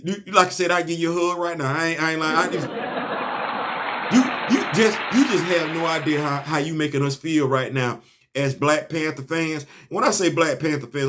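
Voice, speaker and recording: High bright animated male comic reviewer. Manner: animated, laughing, stammering restarts, slangy. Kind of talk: excited casual review monologue.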